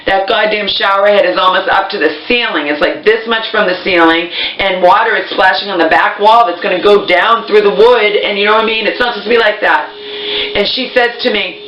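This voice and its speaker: Woman, angry rambling vent, swearing, bright edge, dull lo-fi echoey recording. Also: medium pitch, brisk, a little hiss or hum. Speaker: vlogger. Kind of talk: angry venting monologue. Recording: echoey room, dull lo-fi sound.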